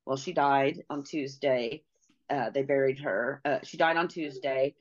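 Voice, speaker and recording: A middle-aged woman telling a personal story as an interview guest, halting and pausing, often restarting her sentences. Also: extremely low pitch. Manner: halting, with many pauses and restarts. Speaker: podcast guest. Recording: slightly dull lo-fi audio.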